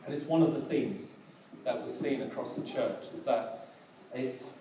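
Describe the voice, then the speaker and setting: A man's voice: mid-range voice, measured pace. A man preaching a sermon as pastor, hesitant with many ums and restarts, recorded in a church hall. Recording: echoey hall from far off, background noise.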